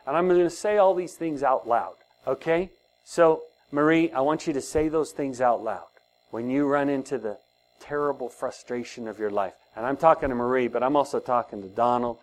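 An older man preaching a sermon to his congregation, animated and often laughing as he talks. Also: medium pitch, moderate pace. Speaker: pastor.

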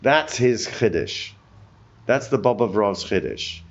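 Animated, low-voiced man teaching Torah. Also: slow pace. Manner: animated storytelling, acts out quoted voices. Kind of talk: text study discussion. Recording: dull lo-fi recording.

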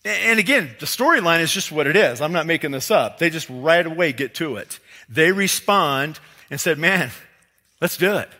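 A man preaching a sermon as pastor, lively and emphatic, full of rhetorical questions and quoted lines. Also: on the high side, normal speed. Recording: long hall reverb.

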